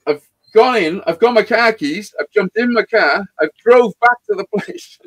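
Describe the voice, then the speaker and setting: Guy rambling thru a story, swearing nonstop, kinda high voice. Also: moderate pace. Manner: rambling, heavy swearing, animated. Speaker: podcast guest storyteller. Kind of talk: casual storytelling.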